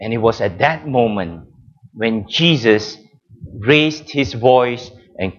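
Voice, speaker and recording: A man preaching a sermon with emphatic, drawn-out phrasing, dramatic pauses and frequent repetitions. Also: mid-range voice, expressive, highs cut off.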